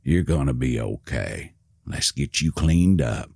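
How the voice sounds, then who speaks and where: Man playing a gentle old man, very deep hushed voice, slow soothing talk, dry close sound, storybook reading. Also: expressive, vocal fry, husky, no echo, exaggerated voice. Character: gentle elderly man comforting a hurt toddler.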